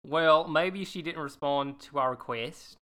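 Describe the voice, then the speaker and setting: A woman's voice: low-pitched, measured pace, fairly bright tone. A woman voicing a blunt, self-centred teenage Australian girl pop star in a put-on Australian accent, read aloud from a book.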